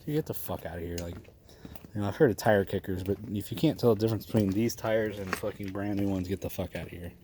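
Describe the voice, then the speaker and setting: Dude rambling and cussing about old cars, lowish voice. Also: male voice, quick pace, mellow, slight background noise. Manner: profane, rambling, laughs often. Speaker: garage vlogger. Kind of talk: casual storytelling.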